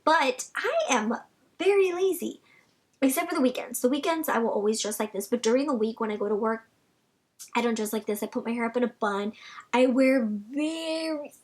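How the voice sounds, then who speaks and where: A young woman chatting casually in a Q&A vlog, rambling with lots of fillers and sometimes dropping to a soft near-whisper. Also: a little high, a little fast. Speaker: vlogger answering viewer questions.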